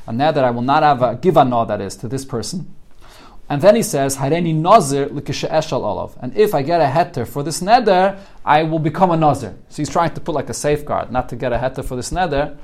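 A man teaching a Talmud class in English with Yeshivish terms, translating the Aramaic text line by line and explaining it as he goes. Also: on the high side. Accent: English with Yeshivish Hebrew and Aramaic terms. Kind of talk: daily Talmud study class.

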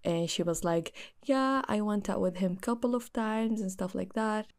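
Gravelly young woman telling a story. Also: medium pitch, normal speed. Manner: earnest, recounting a friend's story. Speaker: storyteller in a chat. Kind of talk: casual chat.

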